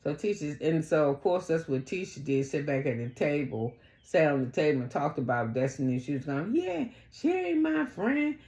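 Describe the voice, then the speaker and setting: A woman casually recapping a reality show, blunt and profane, acting out the cast's lines in a much higher voice. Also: fairly quick, hardly any pauses, warm tone, roomy sound. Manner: blunt, profane, talks back to the cast; acts out quotes in a much higher voice.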